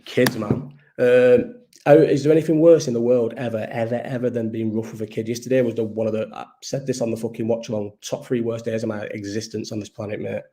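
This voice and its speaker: A man's voice: mid-range voice, fairly even intonation, brisk, dark tone. A tired man, hosting a live chat in a rambling casual way, swearing often and trailing off mid-sentence. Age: 30s.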